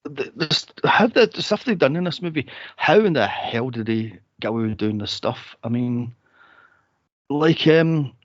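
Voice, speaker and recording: A man hosting a movie podcast in casual chat, animated and laughing often as he acts out quotes. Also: mid-range voice, moderate pace, no room sound, dull audio. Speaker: podcast host.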